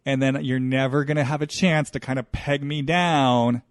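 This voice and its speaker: A man hosting a solo podcast, talking in an earnest, searching and halting way. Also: medium pitch, fairly even intonation, dry recording, studio quality. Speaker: podcast host. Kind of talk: solo introspective podcast monologue.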